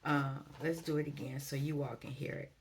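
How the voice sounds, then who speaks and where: A woman in giving a relaxed, chatty tarot reading at home, thinking aloud and reading card text slowly. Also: low voice, vocal fry. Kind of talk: casual spoken tarot reading. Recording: faint background noise.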